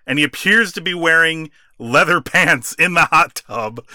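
Bright, laughing man in casual podcast chat. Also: a little high, normal speed. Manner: animated, laughs often, acts out quotes. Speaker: podcast co-host.

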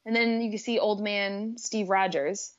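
A woman's voice: mid-range voice, measured pace. Woman co-host, laid-back and agreeable, muffled lo-fi mic. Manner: relaxed, agreeable, lots of "like" fillers. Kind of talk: casual chat. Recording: dull lo-fi audio.

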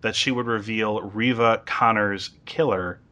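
A man's voice: lowish voice, steady tone, unhurried, sharp tone. A man casually recapping a TV episode as a podcast host, chatty with lots of ums and uhs.

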